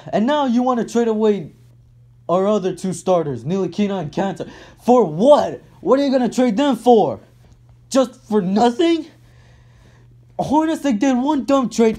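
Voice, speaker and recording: Furious about his basketball team, a man rants in a mellow voice that sits high, cursing constantly and repeating himself as the heated sports tirade goes on.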